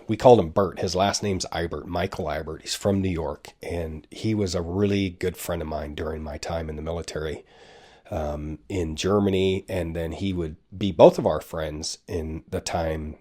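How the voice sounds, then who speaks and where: This is a man in his fifties with a very low, deep voice who tells a personal story casually. He rambles and makes fun of himself, and his asides drift off before he comes back to the point. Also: a little mellow. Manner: rambling, self-deprecating storyteller with frequent asides. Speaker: podcast host.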